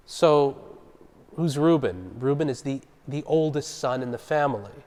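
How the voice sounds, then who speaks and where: A man's voice: medium pitch, measured pace, darkish tone. A man leading a Bible study in a conversational teaching style, explaining a passage and putting questions to his group. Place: church hall. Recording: long reverb of a large hall.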